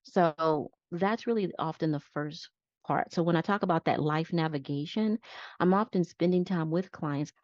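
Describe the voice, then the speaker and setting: Her voice sits on the low side and is a little mellow as she talks in an interview, a psychiatric nurse practitioner laying out her practice plainly, one step at a time. There's no room sound; the audio is dull, lo-fi and dry.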